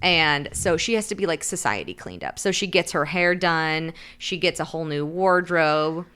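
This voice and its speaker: A deep, clear, resonant voice, pushed and bright, comes from a woman co-hosting a podcast. Animated and at a moderate pace, she recaps a book casually, saying "like" a lot and acting out characters' lines in shifting voices.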